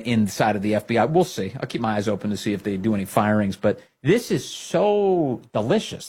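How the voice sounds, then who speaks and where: A man's voice: fairly low pitch, a little mellow, slightly rough. A man hosting a political commentary show, talking casually with a sarcastic, incredulous edge.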